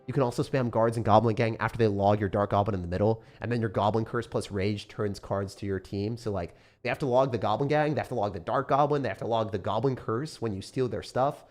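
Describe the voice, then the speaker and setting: A young man giving rambling, casual commentary on his gameplay, excitable and sometimes swearing. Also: fairly low pitch, quick pace, few pauses, soft background music. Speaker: gaming YouTuber.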